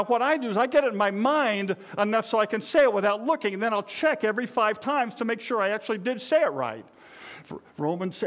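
A man in his sixties preaching a conversational sermon to a live congregation, folksy and joking, often talking straight to the people in front of him. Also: extremely high pitch. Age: 60s. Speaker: pastor.

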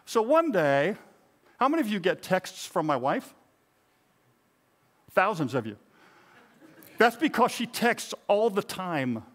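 Middle-aged pastor guy preaching, pretty high voice, laid-back and self-mocking. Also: very animated, slow pace, long pauses, a bit bright. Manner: conversational, self-deprecating preaching with humor. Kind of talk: sermon.

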